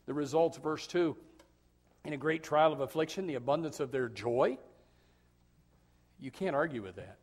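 A man preaching a sermon as pastor, who repeats his words and swings from loud, shouted points to quiet asides. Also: on the high side.

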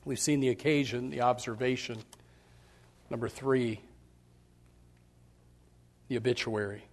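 A middle-aged man preaching a sermon as pastor, fervent and emphatic, his voice surging loud on key points. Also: medium pitch, fairly even intonation, measured pace, long reverb tail.

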